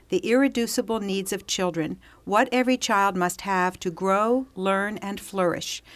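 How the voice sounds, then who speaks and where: A woman's voice: mid-range voice, no echo. A woman co-host formally introducing her guests and asking the first question. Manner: formal, warm welcome.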